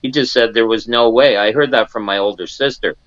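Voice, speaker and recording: A man's voice: mid-range voice, fairly quick, a bit bright, no room sound, dull audio. A man in his sixties from Canada, a guest in an interview, telling a personal story and acting out the family members he quotes, with many restarts. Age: 60s.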